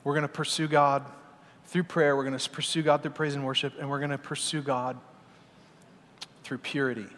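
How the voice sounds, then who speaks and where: Man preacher with a high voice, fiery yet chatty, long church-hall reverb. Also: fairly quick, pauses often. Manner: energetic, swings between loud exhortation and quiet asides. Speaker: pastor. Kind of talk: sermon. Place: large church sanctuary.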